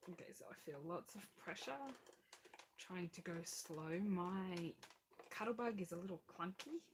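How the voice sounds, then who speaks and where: A woman's voice: fairly low pitch, moderate pace, slight background noise. A woman hosting a live crafting stream, chatting casually as she narrates each step and laughs at her own mishaps. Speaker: crafting channel host.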